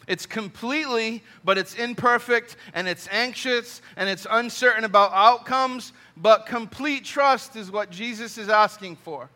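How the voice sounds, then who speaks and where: A man's voice: sits high, a little slow, few pauses, bright, forceful tone. A man preaching a heartfelt sermon and leading a closing prayer, earnest, often repeating words and restarting phrases. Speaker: pastor.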